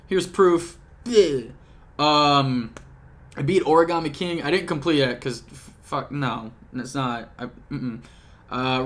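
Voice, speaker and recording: In his home apartment, a young YouTuber records a casual vlog recap on a camcorder, his medium-pitched voice a bit bright. He rambles and jokes, regularly breaking off in the middle of sentences.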